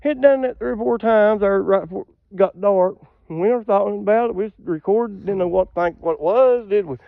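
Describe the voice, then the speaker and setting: A man's voice: sits high, fairly quick, gravelly, no room sound, phone-quality sound. A man telling rambling, folksy stories to camera outdoors, laughing at his own jokes. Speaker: outdoorsman showing hunting land. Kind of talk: casual storytelling to camera. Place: outdoors on a ridge trail.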